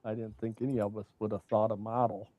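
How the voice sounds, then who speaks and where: A woman co-player chatting casually on a stream, repeating her jokes in a dry, deadpan way. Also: rumbling low, quick pace, no room sound, muffled recording. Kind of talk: casual chat.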